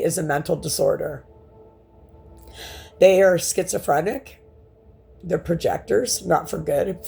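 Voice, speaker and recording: A woman's voice: on the low side, vocal fry, a little mellow. A woman in her forties venting in a rambling, profane personal monologue to camera. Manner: emphatic, profane, rambling rant. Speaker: vlogger.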